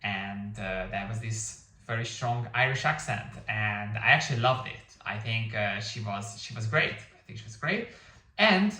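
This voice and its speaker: A man's voice: fairly low pitch, expressive, unhurried, bright, forceful tone, distant mic. A man giving a casual movie review, rambling with lots of fillers and restarts; his first language is Hungarian. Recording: echoey room, somewhat off-mic.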